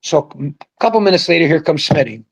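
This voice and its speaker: A man's voice: on the high side, fast, breathy edge, rough recording. Older man telling a rowdy story. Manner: animated, profane anecdote-telling. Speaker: guest, former pro bowler. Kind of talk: casual storytelling.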